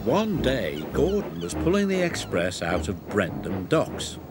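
A man tells a children's railway story in a gentle, measured voice. His pitch rises and falls animatedly, and he takes an unhurried pace. Loud background music plays throughout. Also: wildly swooping pitch. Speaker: narrator. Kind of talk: scripted storybook narration for children.

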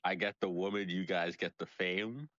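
A man's voice: deep voice, steady tone, moderate pace, fairly bright tone, no echo, muffled recording. A man playing a boastful fake celebrity in an improvised comedy bit, joking brashly.

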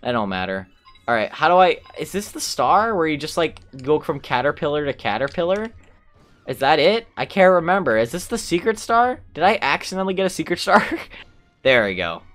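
A young man gives casual let's-play commentary on his own video game run, excitably talking to the characters, humming along and cursing mildly. His voice is a little high at a moderate pace, with game music in the background.

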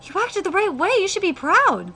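A solemn, weeping giant of a monk swordsman, read aloud by a woman. The lines come in a high, bright voice that swings freely in pitch. It is plain manga read-aloud with no real put-on voice. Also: wildly swooping pitch, moderate pace, exaggerated voice. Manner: reads manga dialogue aloud in her own voice.

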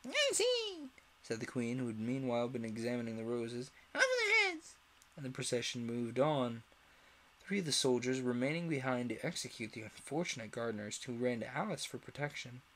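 A man reading a classic children's story aloud in an expressive way, with the odd slip. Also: medium pitch, a little fast. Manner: expressive, animated read-aloud with small slips. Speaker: storyteller, streamer.

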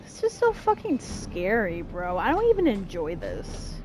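A young woman giving profane, jumpy let's-play commentary, yelling and cursing when scared. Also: medium pitch, huge pitch swings, unhurried. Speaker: gaming streamer. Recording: faint game music behind.

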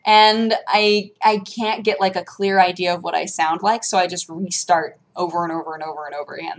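Woman vlogger, casual home chat to camera, rambling and animated. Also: fairly low pitch, normal speed. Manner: rambling, animated, many fillers and restarts. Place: home room.

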